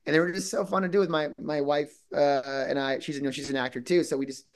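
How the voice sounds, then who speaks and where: A man's voice: fairly high pitch, steady tone, fast talker. A man from Minnesota, a guest actor talking casually in an interview, rambling with many restarts and quoted asides.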